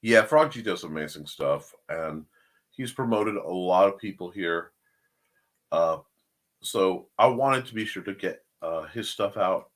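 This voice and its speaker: A man's voice: low voice, expressive, measured pace, fairly bright tone. A man hosting a casual live-stream chat show, rambling through plugs with jokey asides and self-corrections. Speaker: show host.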